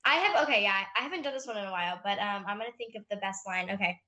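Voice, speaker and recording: A woman's voice: mid-range voice, racing, pushed and bright. An American woman in a casual interview, chatty and hesitant, with many fillers.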